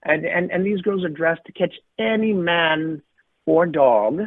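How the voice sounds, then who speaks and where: A middle-aged man co-hosts a podcast, unhurried in his on-the-high-side voice as he tells casual stories, stressing them by repeating phrases. The recording has no room sound but a tinny, phone-like quality.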